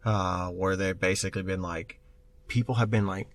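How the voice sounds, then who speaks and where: Low-voiced man telling stories animatedly. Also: moderate pace, no echo. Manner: animated storyteller, acts out quoted voices. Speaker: podcast co-host. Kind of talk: casual tech chat.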